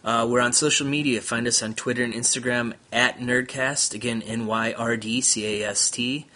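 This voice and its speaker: A man's voice: medium pitch, moderate pace. A man reading out the closing announcements of his podcast with a few fillers. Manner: plain, steady read with fillers. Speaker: podcast host. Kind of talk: scripted outro announcement.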